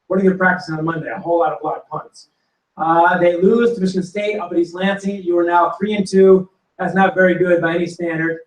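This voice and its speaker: A man telling animated football stories to an audience and acting out quotes and punchlines. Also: high-pitched, fast talker. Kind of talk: storytelling to a live audience. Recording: roomy hall recording from a distance.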